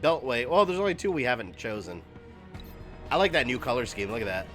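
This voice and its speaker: A male game streamer chatting casually while he plays, rambling along with plenty of fillers. His voice sits at an ordinary male pitch. Game music plays clearly behind him. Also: very animated, a little fast, a bit bright. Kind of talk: casual live-stream gaming commentary.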